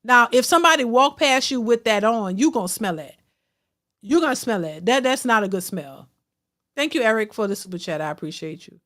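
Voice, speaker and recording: A middle-aged woman talks casually to her livestream viewers, thanking them for super chats as she goes. She is blunt and outspoken, and she often stumbles and restarts. Her voice sits a little high for a woman. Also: lively intonation, a little fast, a bit bright. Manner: outspoken, repeats herself, frequent restarts. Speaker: host of a reaction livestream.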